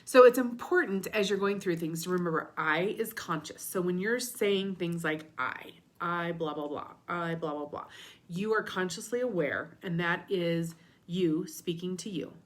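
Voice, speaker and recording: A woman's voice: lowish voice, normal speed. A woman coaching listeners in a casual motivational talk, candid and a little profane, sometimes dropping to a whisper for emphasis. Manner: candid, casual, mild swearing, drops into whispers. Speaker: self-help coach.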